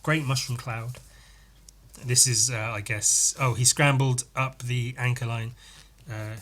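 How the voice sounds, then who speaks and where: A man's voice: mid-range voice, fairly even intonation, measured pace, fairly bright tone. A man hosting a podcast, chatting casually as he reads through a comic aloud, enthusiastic and sweary, laughing often. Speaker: podcast host.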